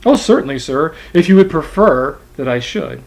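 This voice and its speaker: A man's voice: a little high, expressive, moderate pace, a little mellow, low-quality recording. A man reading aloud as a deferential, eager old male office clerk in a story. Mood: fawning. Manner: obsequious, eager.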